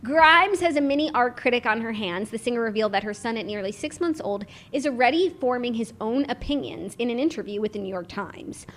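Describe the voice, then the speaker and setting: A woman's voice: fairly high pitch, lively intonation, brisk, hardly any pauses, fairly bright tone, slight background noise. A woman co-hosting a casual chat show, bubbly and jokey. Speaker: podcast co-host. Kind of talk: casual chat with comic royal impressions.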